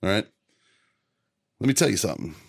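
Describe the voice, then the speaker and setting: A man's voice: fairly low pitch, big pitch swings, fairly quick, creaky. A man co-hosting a casual podcast, telling a heated, profanity-filled story and laughing as he goes. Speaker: podcast co-host. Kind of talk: casual chat, ranting storytelling.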